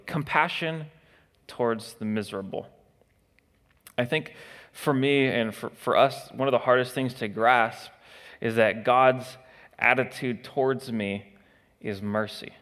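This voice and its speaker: A man preaching a sermon in a conversational way, pausing with frequent "uh" fillers and now and then acting out the attitudes he describes. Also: mid-range voice, a bit bright. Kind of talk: expository sermon. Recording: long hall reverb.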